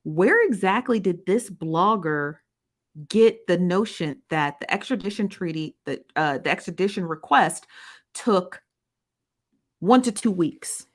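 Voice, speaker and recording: Woman commentator, lowish voice, exasperated, repeats herself, live-stream talk. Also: animated, a little slow. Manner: reads comments aloud from viewers. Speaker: online commentator.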